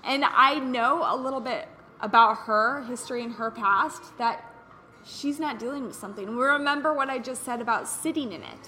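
A woman hosting a casual wellness podcast, telling stories in an animated way and acting out what people said. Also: fairly high pitch, moderate pace, a little hiss or hum. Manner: animated storyteller who acts out quotes. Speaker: podcast host.

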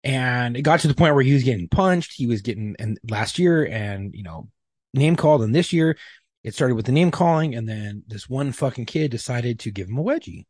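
A man's voice: medium pitch, animated, normal speed, darkish tone, no room sound, studio quality. A man in his thirties co-hosting a podcast, telling a story in blunt, profane casual chat. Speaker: podcast co-host.

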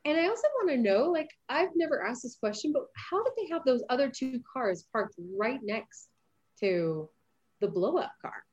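With the highs cut off, you hear a woman whose voice sits high, speaking at a moderate pace. An actress in her thirties, she's a guest in a relaxed interview, lively in her storytelling and quick to laugh.

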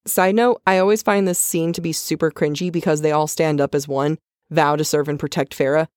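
A woman with a Californian accent co-hosts a casual book podcast and keeps the talk playful with self-deprecating asides. Her voice sits on the low side for a woman. It is recorded close and dry, with no room around it. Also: steady tone, a little fast, a little mellow, no room sound. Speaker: podcast co-host.

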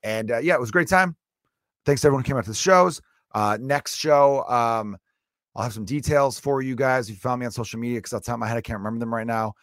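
A man hosting his own comedy podcast, rambling and joking through a solo monologue with animated asides. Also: mid-range voice, fast talker, no room sound, studio quality.

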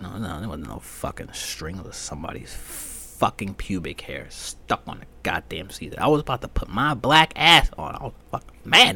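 A man hosting a casual comedic podcast monologue, rambling profanely with frequent fillers and sudden loud outbursts. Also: lowish voice, expressive, brisk, few pauses, husky. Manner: frequent fillers like um and you know. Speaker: podcast host.

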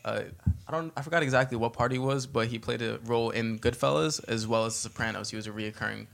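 A young man from New Jersey tells a story in a relaxed, easygoing way. His voice sits at an average pitch, and his delivery is conversational and unhurried. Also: creaky. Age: young adult. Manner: laid-back, storytelling, laughs easily. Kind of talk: casual chat.

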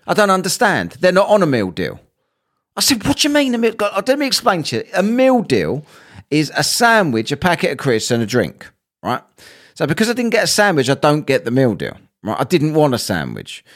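A young man tells a story as a rant, swearing freely and playing out both sides of an argument. His voice sits a little high for a man and swings widely in pitch, rising sharply when he gets worked up. It sounds like casual monologue storytelling. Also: brisk. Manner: animated, sweary, acts out both sides of a quarrel.

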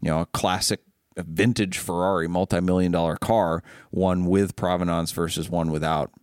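Male host, low register, dry close sound, loose rambling delivery with stammered restarts. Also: fairly even intonation, normal speed, clean tone, no echo. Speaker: show host and car dealer. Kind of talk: casual show chat.

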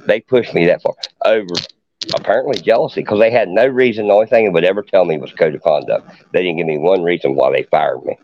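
A man's voice: sits low, quick pace, a crowd in the background. A middle-aged man, a podcast guest telling a long story in a boastful, profane hillbilly way. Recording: dull lo-fi podcast audio.

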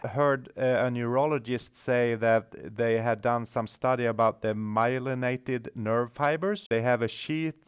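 A man hosting a podcast interview, asking calm questions. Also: mid-range voice, unhurried, hardly any pauses, clear, resonant tone. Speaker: podcast host.

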